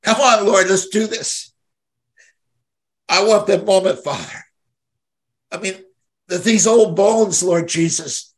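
A man's voice: fairly high pitch, a bit bright. An older man hosting a devotional podcast, speaking with emotion in a rambling, heartfelt way that swells when moved. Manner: impassioned, rambling, voice swells with feeling. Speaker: podcast host and minister.

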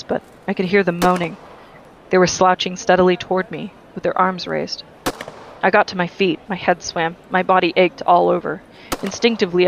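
A reader giving a steady, earnest first-person reading of a novel. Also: medium pitch, vocal fry, slight background noise, low-quality recording. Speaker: audiobook reader.

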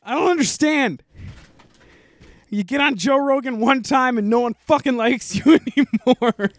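A man hosting a podcast in casual banter, ranting loudly and profanely with frequent laughter. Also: very high voice, a little slow, no echo. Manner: loud, laughing, profane rants. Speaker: podcast host.

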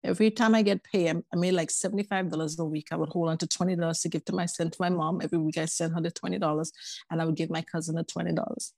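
A woman's voice: fairly low pitch, very fast, vocal fry, no echo. A woman, a podcast guest, telling her life story in casual talk and acting out the voices of people in it. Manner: animated, acts out quoted voices.

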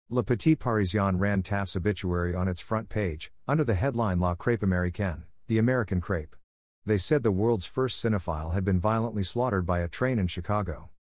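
Deadpan low-voiced male storyteller. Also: no echo. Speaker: narrator. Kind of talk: scripted comic story narration.

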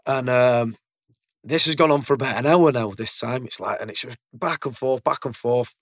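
A veteran of the military from the United Kingdom recounts stories casually in conversation, bluntly and with free swearing, repeating words as he talks. His voice is medium in pitch at normal speed, recorded in clean studio sound with no room sound.

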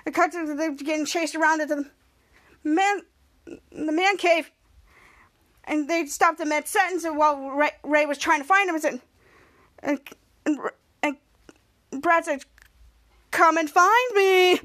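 A woman hosting a podcast, excitedly and ramblingly retelling a TV episode in a casual way. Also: high-pitched, normal speed, long pauses. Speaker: podcast host.

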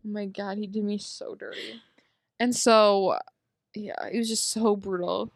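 A woman's voice: medium pitch, steady tone, measured pace, no echo, studio quality. A young woman co-hosting a podcast, chatting casually and telling stories dramatically with lots of "like". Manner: bubbly, dramatic storytelling with lots of "like". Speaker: podcast co-host. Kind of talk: casual chat.

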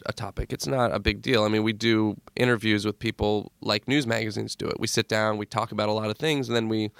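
A man talking as a guest on a podcast, telling stories in a lively, joking way with quick asides. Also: lowish voice, creaky, clear, resonant tone, no room sound, studio quality. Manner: animated storyteller, jokey asides. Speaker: comedy producer, guest. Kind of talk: casual podcast chat.

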